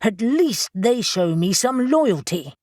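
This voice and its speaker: A woman's voice: medium pitch, sing-song, unhurried, dry recording, studio quality, pitched above the performer's own voice. A woman voicing a prickly, defiant woman executive in an audiobook, with a biting manner. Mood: cold.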